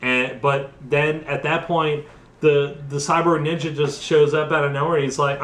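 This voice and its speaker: A man's voice: fairly high pitch, little pitch movement, measured pace, fairly bright tone, echoey room. A young adult man casually recapping a video game for laughs, tipsy and rambling with lots of restarts. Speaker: host.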